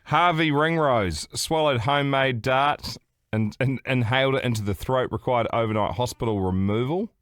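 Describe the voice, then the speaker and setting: A man's voice: mid-range voice, normal speed, fairly bright tone, clear, resonant tone, dry recording, clean studio sound. A man co-hosting a casual podcast, reading items aloud and cracking sweary jokes. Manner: joking, sweary, reading out a list with quips. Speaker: podcast co-host.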